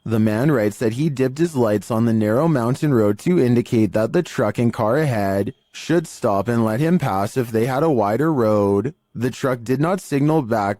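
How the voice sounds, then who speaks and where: A man giving scripted narration of eerie video clips in a measured, even storytelling delivery. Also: mid-range voice, dry recording. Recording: faint music bed under voice.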